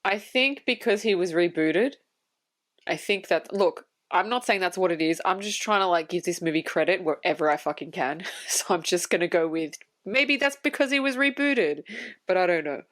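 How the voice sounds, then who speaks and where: A woman's voice: lowish voice, expressive, moderate pace, a bit bright. A woman co-hosting a podcast, rambling incredulously about a film's plot holes in casual talk. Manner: incredulous, rambling, laughs often. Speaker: podcast co-host. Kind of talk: casual film review chat.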